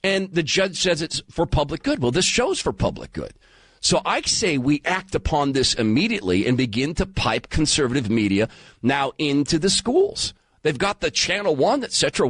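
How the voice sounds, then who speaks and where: A man around fifty hosting a talk radio show, emphatic and animated, taking calls. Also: on the high side, moderate pace, husky, no echo. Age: 50s. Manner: animated, emphatic, turns emotional. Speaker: guest radio host. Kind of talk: talk radio monologue and call-in.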